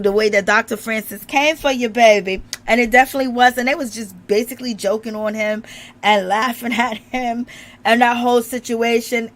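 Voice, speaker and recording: A woman chatting casually to her viewers about a reality show, laughing often and talking with a strained voice as she recovers from illness. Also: fairly high pitch. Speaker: reality TV recap vlogger.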